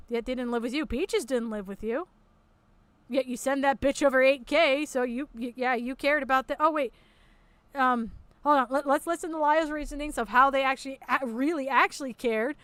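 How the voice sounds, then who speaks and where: Mocking high-voiced woman commentator. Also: moderate pace, fairly bright tone, clean tone, dry recording. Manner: mocking, sarcastic, swears a lot. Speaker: commentary video host. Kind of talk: sarcastic commentary over a call recording.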